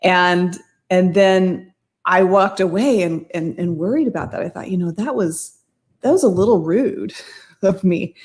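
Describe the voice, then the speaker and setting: A woman's voice: fairly low pitch, measured pace, a little mellow. A middle-aged woman telling a personal story in a casual talk. She rambles and corrects herself as she goes, and laughs now and then. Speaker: mindset coach.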